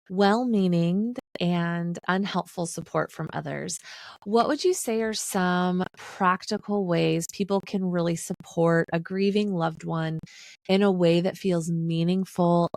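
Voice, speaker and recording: A woman with a lowish, gravelly voice talks in a calm, measured way during a podcast interview. Her voice sounds dry and close, with no room echo. She sounds supportive and steady.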